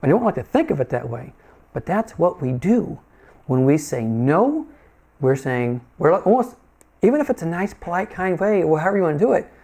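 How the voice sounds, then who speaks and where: Guy preaching a sermon, kinda high voice, casual storytelling vibe, keeps checking in with the crowd. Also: dark tone. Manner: conversational, folksy storytelling with direct questions to listeners.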